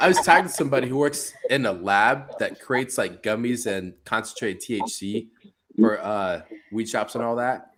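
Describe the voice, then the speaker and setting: A man on a podcast, telling his own mishaps in an animated, self-mocking way with lots of laughter. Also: on the low side, normal speed, a little hiss or hum. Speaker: podcast co-host. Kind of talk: casual chat.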